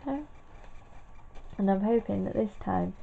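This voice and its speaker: A woman's voice: medium pitch, moderate pace, vocal fry. A tired woman chatting and mumbling as she paints in a casual crafting tutorial. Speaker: craft vlogger. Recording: tinny phone-like sound, faint noise.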